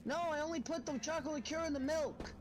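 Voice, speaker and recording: A man's voice: extremely high pitch, quick pace, background noise. A man with a lisp chatting playfully and theatrically while gaming with a friend, heard over a voice call. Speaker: co-player on a game stream. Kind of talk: casual gaming chat.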